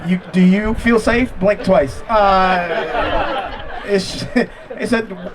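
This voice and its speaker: A man with a high voice performs a relaxed, conversational stand-up set outdoors. He makes fun of himself and chats with the audience between punchlines, speaking into a handheld stage mic. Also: slow. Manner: conversational, self-deprecating punchline delivery with crowd asides. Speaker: stand-up comedian. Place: outdoor backyard comedy show.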